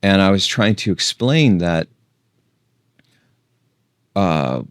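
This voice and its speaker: A man hosting a casual long-form talk, meandering and thinking out loud, sometimes losing his thread. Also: sits low, very animated, slow, clean tone, no echo, clean studio sound. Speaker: host.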